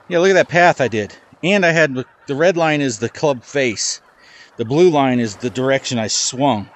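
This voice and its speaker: A man's voice: medium pitch, normal speed. Chatty man commenting on VR golf. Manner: chatty, self-deprecating, talks to the ball. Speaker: gaming channel host. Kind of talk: casual gameplay commentary.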